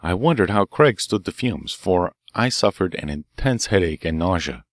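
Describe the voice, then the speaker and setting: A man narrating a detective story audiobook in a steady, measured way. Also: sits low, dry recording, studio quality. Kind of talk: scripted narration.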